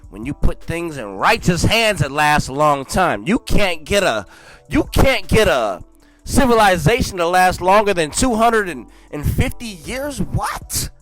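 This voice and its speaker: A young man reading a history book aloud, breaking in with loud, slangy asides and dropping to quiet mumbled reading. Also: high-pitched, a little slow, faint music behind. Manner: animated slangy asides between read passages. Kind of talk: casual read-along with commentary.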